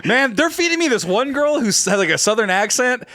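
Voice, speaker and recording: A man's voice: very high-pitched, lively intonation, a little fast, sharp tone. A man co-hosting a casual podcast, talking animatedly, laughing often and swearing casually. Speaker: co-host.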